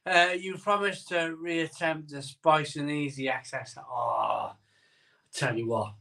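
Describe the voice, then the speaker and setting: A man's voice: on the high side, steady tone, unhurried, pushed and bright, distant mic. Chatty man, mouth burning from chili. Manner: rambling, self-interrupting, chatty. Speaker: host of a live beer-tasting stream. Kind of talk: casual live-stream chat. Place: home room, streaming live.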